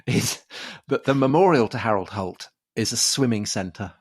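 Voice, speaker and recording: A man's voice: lowish voice, measured pace. An English man co-hosting a casual history podcast, talking with many fillers and restarts and chuckling between points. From England. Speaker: podcast co-host.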